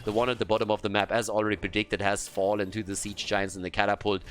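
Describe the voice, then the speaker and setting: A man casting a video game match by himself, excited at big plays and calm between them. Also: on the low side, fast, a little hiss or hum. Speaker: esports caster. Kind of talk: solo play-by-play commentary.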